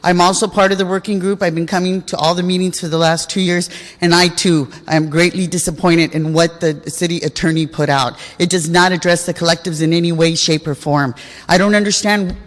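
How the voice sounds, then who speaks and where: A woman's voice: lowish voice, steady tone, a little fast. A woman giving an emotional public comment at a city meeting, upset and repeating herself. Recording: echoey council chamber.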